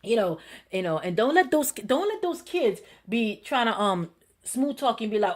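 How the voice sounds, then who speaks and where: A middle-aged woman pastor preaching in a conversational style, repeating phrases, asking the listeners questions and dropping to a quiet murmur when she repeats her calming self-talk. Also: on the high side, normal speed. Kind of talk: sermon.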